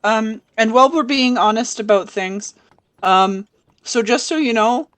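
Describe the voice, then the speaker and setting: Woman, tabletop player, slow-talking, hesitant, lots of ums, voice-chat mic. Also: fairly high pitch, fairly bright tone. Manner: hesitant, full of fillers and restarts. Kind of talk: casual tabletop role-play over voice chat.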